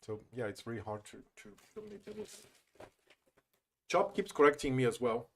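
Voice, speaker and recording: A man's voice: medium pitch, big pitch swings, brisk, creaky. Chatty Portuguese-native male streamer. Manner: chatty, self-deprecating, loose and profane. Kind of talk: casual live-stream chat.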